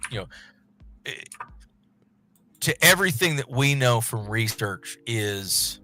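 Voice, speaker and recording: Bright-voiced rambling guy. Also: medium pitch, expressive, takes it slowly, faint music behind. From West Texas. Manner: rambling storyteller, many restarts. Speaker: podcast co-host. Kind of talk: casual chat.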